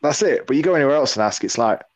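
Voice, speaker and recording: An East Midlands English man chatting on a podcast, his pitch swinging widely as he tells sweary stories and acts out bits of dialogue. The recording is close and dry, with no room sound. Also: rapid-fire, dry recording. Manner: animated, sweary storytelling with voiced impressions. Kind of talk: casual podcast chat.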